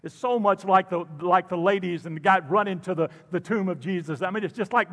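Animated high-voiced preacher in a hall. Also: male voice, a little fast, few pauses. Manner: animated, jokey preaching with call-outs to the congregation. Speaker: pastor. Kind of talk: sermon.

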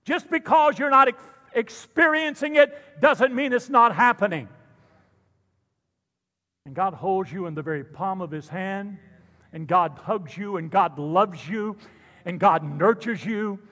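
A man preaching a sermon, animated and jokey, calling out to the congregation. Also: sits high, a little slow, big-room sound. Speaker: pastor.

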